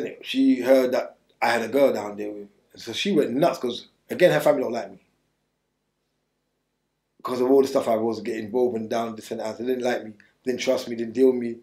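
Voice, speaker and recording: A man's voice: mid-range voice, fairly even intonation, fairly quick, darkish tone, reverberant. A man telling his story bluntly in street slang during an interview, rambling and restarting as he goes. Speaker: interview guest.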